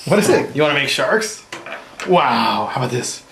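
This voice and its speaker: Playful dad in sing-song baby talk. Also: male voice, very animated, moderate pace. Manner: sing-song, exaggerated baby-talk with big swoops into a high voice. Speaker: father playing with his toddler. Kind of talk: playful home video chat with a small child. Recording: echoey room with loud background noise.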